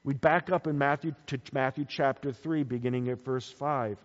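A man preaching a Bible teaching sermon, animated, swinging between loud emphasis and quiet low asides. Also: normal speed. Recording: dull sound with long hall reverb.

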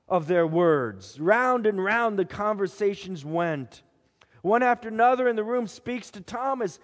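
Male preacher, higher voice, unhurried and dramatic, hushed to emphatic; long hall echo. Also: lively intonation. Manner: dramatic storytelling, swinging between hushed and emphatic. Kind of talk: sermon retelling scripture.

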